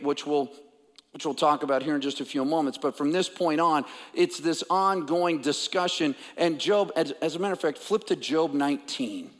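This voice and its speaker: Man, pastor preaching, slightly high voice, shifts from casual to emphatic, reverberant church. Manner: conversational, rising to emphatic, dropping to whispers. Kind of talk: sermon. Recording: long hall reverb.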